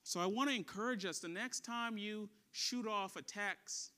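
A man preaching a sermon as pastor, asking the congregation questions and dropping soft and quiet for a story. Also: sits high, normal speed, smooth.

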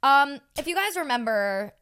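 A young woman co-hosting a podcast, trading quick gossipy banter in casual chat. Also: high-pitched, lively intonation, pushed and bright, a little hiss or hum. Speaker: podcast co-host.

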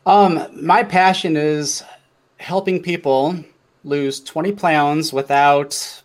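A man's voice: on the high side, steady tone, slow. A man in his fifties, a guest fitness coach talking earnestly on a podcast with self-deprecating humor. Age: 50s. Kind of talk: casual podcast chat.

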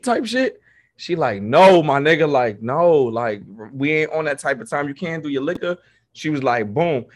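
Guy chatting on a podcast, slangy, acts out everybody in his story, voice a bit high. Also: animated, normal speed. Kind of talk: casual chat, storytelling.

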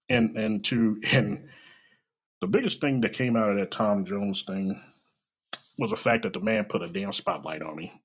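A man's voice: lowish voice, creaky, slightly rough. An American man, middle-aged, telling a personal story in a casual monologue, swearing, laughing and acting out what people said. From United States. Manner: animated, swears, laughs, acts out dialogue. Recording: dull lo-fi recording.

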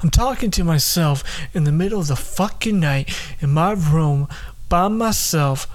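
A man's voice: on the high side, moderate pace. A man hosting a solo podcast from his bedroom late at night, rambling, swearing and mocking himself. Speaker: podcast host.

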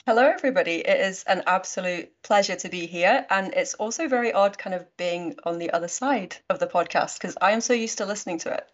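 A woman's voice: medium pitch, fast, few pauses, lo-fi sound. A young woman from the English Midlands with a slight Scottish twang, chatting casually as a guest fitness coach on a podcast. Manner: chatty, laughs easily, many fillers.

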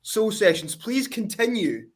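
A man's voice: sits high, very animated, measured pace. Brash, cocky man with a raised voice. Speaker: wrestler guest. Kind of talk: boastful trash talk.

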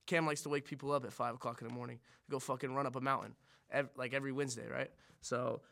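A man speaks as a podcast guest in casual chat, quick and a bit gravelly. He rambles earnestly, restarting his sentences and cursing now and then. His tone is bright and a little tense. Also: medium pitch, level tone.

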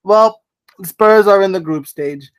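A man hosting a sports podcast in casual chat, brisk and dryly teasing as he runs through lists. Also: high-pitched, clear, resonant tone. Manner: brisk, lists teams rapidly with dry teasing. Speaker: podcast host.

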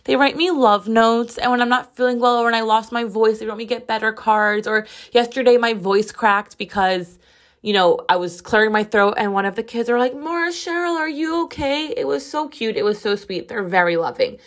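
A woman's voice: a little high, steady tone, normal speed. Chatty, swearing woman podcaster. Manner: chatty, profane storytelling with lots of "like". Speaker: podcast host. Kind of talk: casual solo podcast monologue.

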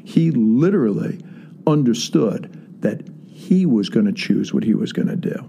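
A man's voice: medium pitch, expressive, normal speed, gravelly, dark tone, breathy edge. A man telling a personal story in a casual, earnest way with many fillers. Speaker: guest storyteller.

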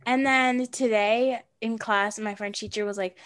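A woman's voice: on the high side, steady tone, a little slow, few pauses, a bit bright. A teenage girl co-hosting a podcast, chatting casually and offering reassurance. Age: teens. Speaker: podcast co-host. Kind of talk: casual chat.

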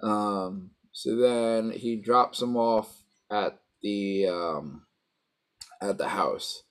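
A man chats casually, retelling a story in a rambling way with plenty of fillers and acted-out quotes. His voice sits on the low side. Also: very slow. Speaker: co-host recapping a show. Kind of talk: casual chat.

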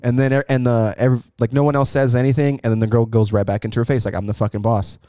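A man's voice: mid-range voice, fast, no room sound, studio quality. A young man telling a story in casual chat, acting out the people in it with lots of swearing. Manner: animated, acts out quotes with swearing.

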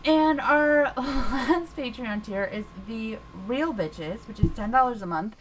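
A young woman co-hosts a podcast in loose, casual chat. She laughs often and swears freely. Her voice sits fairly high. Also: slow, a little hiss or hum. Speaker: podcast co-host.

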